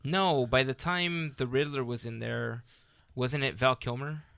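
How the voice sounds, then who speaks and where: A man hosting a casual chat in a bright voice, dropping in jokes and quick questions. The sound is close and dry, with no room around it. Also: medium pitch, steady tone, gravelly, smooth, dry recording. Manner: joking interjections.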